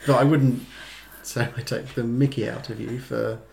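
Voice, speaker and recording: A man chatting casually, amused and lightly teasing, with some halting restarts. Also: mid-range voice, flat delivery, vocal fry, a little mellow, a little hiss or hum. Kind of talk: casual chat.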